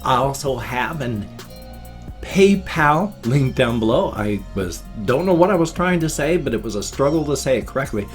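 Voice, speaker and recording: A man in his fifties talking casually to his viewers, stretching words and leaning on odd syllables for fun. His pitch sits in an ordinary middle range. Soft music plays faintly behind him. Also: expressive. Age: 50s. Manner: playful odd emphasis, drawn-out words. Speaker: vlogger. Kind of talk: casual chat to camera.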